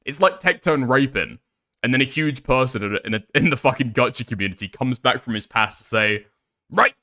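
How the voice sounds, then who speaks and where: A man's voice: mid-range voice, a little fast, pushed and bright. A young man doing casual stream commentary, swearing often, laughing and making sarcastic asides.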